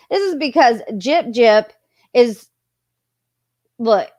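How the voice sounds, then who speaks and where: Woman on a live stream reading texts out to chat, slow and drawn out, chatty, snaps at trolls now and then. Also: a little high, expressive, a little mellow, dry recording. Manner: chatty, breaks off to scold chatters. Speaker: host reading messages aloud to a live chat. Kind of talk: casual live-stream commentary.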